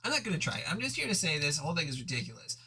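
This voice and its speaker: A man's voice: a little high, very animated, racing, bright, forceful tone, slightly rough, full character voice. A man voicing a smug, boastful young female troll in a fan audio reading. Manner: smug, dismissive.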